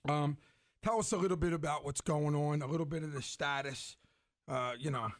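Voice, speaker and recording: A man's voice: a little high, brisk. A man co-hosting a radio show, chatting casually and introducing a topic to a guest. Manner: joking, chatty. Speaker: radio co-host.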